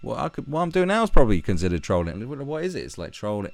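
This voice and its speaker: A man's voice: medium pitch, big pitch swings, fast, vocal fry, few pauses. A man giving a profane, mocking, rambling commentary as the host of his own vlog. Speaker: online commentator.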